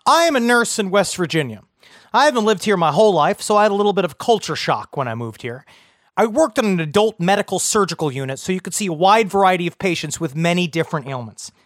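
A man co-hosting a casual comedy podcast, reading listener emails aloud with animated storytelling and swearing. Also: sits high, fast, dry recording, studio quality.

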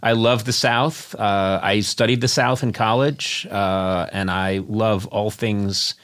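A man's voice: on the low side, takes it slowly. A man from Massachusetts hosting a talk show, chatting with a caller and joking often. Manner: joking, animated, laughs often. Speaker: radio show host. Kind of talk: casual call-in chat.

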